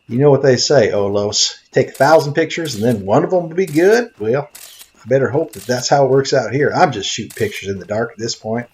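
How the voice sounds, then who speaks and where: In a brisk, natural mid-range voice, a male gaming narrator takes on the role of a bumbling Tennessee greenhorn who hunts and takes photos. The comedic game commentary is folksy and rambling, and he's easily worked up.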